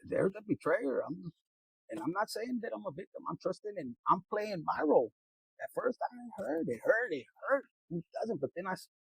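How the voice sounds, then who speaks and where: A man's voice: high-pitched, creaky, husky, no echo, poor audio. A man giving a casual tarot reading, preachy and blunt, swearing often and dropping in Spanish slang words. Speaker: tarot reader.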